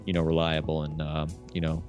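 A man's voice: very deep voice, monotone, a little fast, a little mellow, faint music behind. A man talking as a podcast guest in a casual, rambling way, filling his sentences with "like" and "um". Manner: rambling, heavy use of "like" and fillers. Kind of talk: casual chat.

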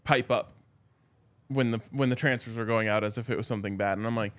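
A man co-hosting a sports podcast, giving animated opinions with quick asides. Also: mid-range voice. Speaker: podcast co-host. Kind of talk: casual sports podcast chat.

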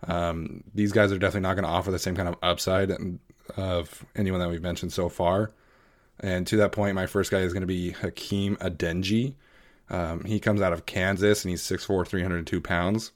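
Laid-back low-voiced man, measured. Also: level tone. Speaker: podcast co-host. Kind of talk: casual podcast chat.

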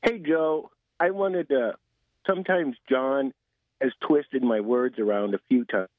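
A male radio caller comes through a tinny phone line, his voice dry and narrow with no room around it. He speaks earnestly at a mid pitch. He slows down deliberately to stress his point. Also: no echo. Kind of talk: call-in conversation.

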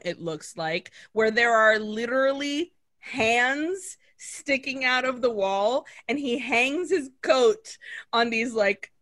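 Animated woman recapping a movie. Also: a little high. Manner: animated storytelling, acts out characters' lines; swears casually, laughs often. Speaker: podcast co-host. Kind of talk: casual movie recap chat.

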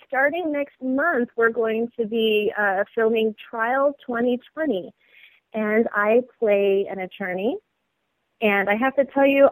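A woman actress and model chatting as an interview guest, bubbly and quick to laugh. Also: mid-range voice, dry recording, rough recording. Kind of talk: casual interview chat.

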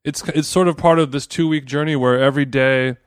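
Smooth-voiced man rambling casually. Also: medium pitch, fairly even intonation, a little fast, dry recording, clean studio sound. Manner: rambling, profane, self-interrupting. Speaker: podcast co-host. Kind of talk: casual chat. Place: villa in the countryside.

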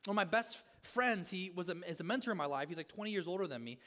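Man, pastor, sermon, repeated rhetorical questions, loud then hushed, echoing hall. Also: high-pitched, lively intonation, fast talker.

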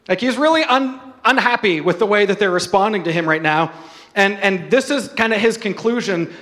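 A male pastor preaching a sermon, animated and acting out the people in the stories. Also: high voice. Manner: animated, acts out biblical figures in voices.

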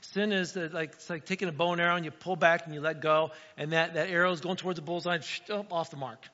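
A man's voice: on the high side, quick pace. A middle-aged man preaching a casual, story-driven sermon to his church, often acting out voices in asides. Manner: conversational, animated storytelling with acted asides. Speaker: pastor. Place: church sanctuary. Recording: dull sound with long hall reverb.

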